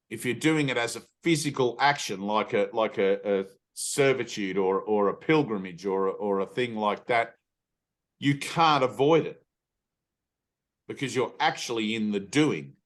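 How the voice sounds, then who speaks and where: With a fairly low voice and a measured pace, a middle-aged man guides his students through an informal spiritual talk. He speaks bluntly and emphatically, swears occasionally, and performs the inner voices he describes.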